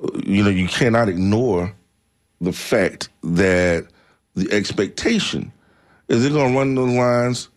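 A man hosting a talk radio show, telling stories in an animated way and laughing easily. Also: lowish voice, measured pace.

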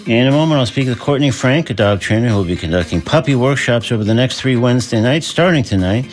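A male radio show host introducing segments and asking friendly, slightly halting questions. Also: mid-range voice, lively intonation, soft background music. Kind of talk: radio interview.

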